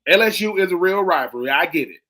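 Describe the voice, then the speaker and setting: Young man, high voice, emphatic sports-talk co-host, repeats himself for punch. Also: quick pace. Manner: emphatic, animated, repeats phrases for effect. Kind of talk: sports talk radio chat.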